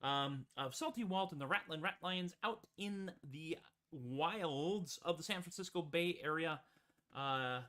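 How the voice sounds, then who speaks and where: A man's voice: on the high side, pushed and bright. A man hosting his own show, chatting casually with rambling, self-mocking jokes. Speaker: host and musician. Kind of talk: casual chatty stage patter. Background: ukulele.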